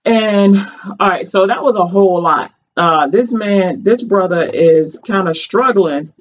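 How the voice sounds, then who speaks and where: A woman's voice: medium pitch, a little slow. A woman vlogger in casual storytelling commentary, chatty and rambling, with many fillers and restarts, colloquial and earnest.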